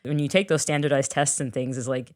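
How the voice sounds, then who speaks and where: A woman's voice: very deep voice, steady tone, brisk, darkish tone. A woman co-hosting a podcast, asking questions in a rambling, enthusiastic way with many restarts. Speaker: podcast co-host. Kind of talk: casual interview chat.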